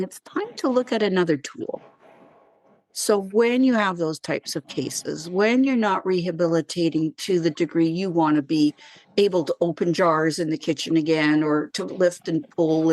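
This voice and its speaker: A woman's voice: on the low side, no room sound. A woman who works as a wellness practitioner, telling stories in an interview and acting out the dialogue in them. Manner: animated, acts out dialogue in her anecdotes. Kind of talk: conversational interview storytelling.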